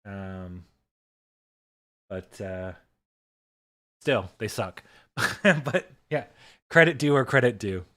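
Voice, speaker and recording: A man hosting a casual livestream, talking in a relaxed, loose way and swearing freely into a desk microphone. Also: fairly low pitch, slow pace, pauses often, dry recording, clean studio sound. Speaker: livestream host.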